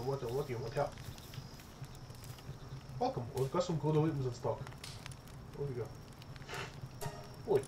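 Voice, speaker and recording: A young man giving casual let's-play commentary, excitable and profane, chattering to his in-game pet as he plays. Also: mid-range voice, noisy background. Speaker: gaming streamer.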